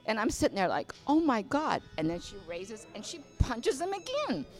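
Older woman guest, animated and profane, recorded in a bar with faint music behind. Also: fairly high pitch, brisk. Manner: animated storyteller, swears freely, acts out voices. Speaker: interview guest, veteran dancer. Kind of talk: casual storytelling interview. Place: inside a bar venue.

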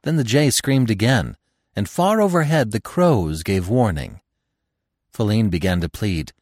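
A man narrating a classic novel in an expressive, dramatic storytelling manner. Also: fairly low pitch, measured pace, no room sound, clean studio sound.

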